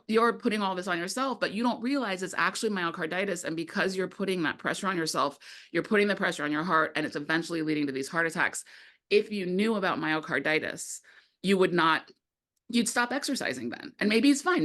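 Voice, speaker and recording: A woman filmmaker talking casually in an interview, animated and quick to act out what others said, with many "like" fillers. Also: medium pitch. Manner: animated, acts out quoted voices, many "like" fillers. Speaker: documentary filmmaker, guest.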